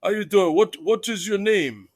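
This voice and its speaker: A man voicing an old foreign wrestling legend who speaks halting English and repeats words back slowly as questions. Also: high voice, a little mellow, dry recording, studio quality, voice pushed up. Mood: puzzled.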